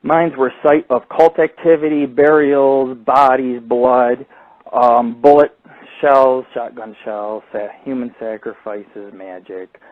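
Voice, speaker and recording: A man's voice: mid-range voice, fairly even intonation, slow pace. A man hosting a radio show, rambling and swearing constantly in a casual monologue. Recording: tinny phone-like sound.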